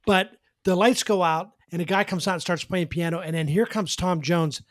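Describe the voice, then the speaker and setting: A man in his sixties telling a story in casual podcast chat, animated and quick with his asides. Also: high-pitched, dry recording. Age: 60s. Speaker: guest, former radio co-host and columnist.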